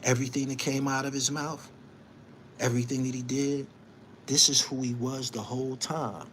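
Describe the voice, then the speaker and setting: A man's voice: medium pitch, steady tone, moderate pace, a bit bright, a little hiss or hum. Heated man scolding on a live stream. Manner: emphatic, repetitive, scolding; preachy, invoking faith. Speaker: host of an online show.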